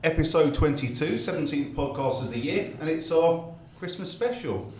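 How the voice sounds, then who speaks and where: A man's voice: on the high side, lively intonation, moderate pace, darkish tone, echoey room. A man hosting a podcast, opening the show and putting friendly, short prompts to his guest. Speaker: podcast host. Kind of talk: casual interview.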